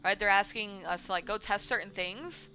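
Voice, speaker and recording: Young woman streamer, bright voice, sweary ranting chat, slightly dull audio, faint music behind. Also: normal speed. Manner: profane, ranting, talks to chat, mocks gamers in silly high voices. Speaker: streamer discussing game news. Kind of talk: casual livestream chat.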